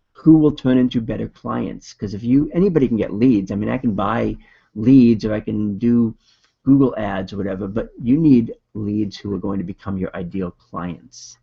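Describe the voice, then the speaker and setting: A man's voice: on the low side, gravelly, dark tone, slightly rough, muffled recording. A man with a Boston accent presenting a video marketing webinar in a casual, upbeat coaching manner.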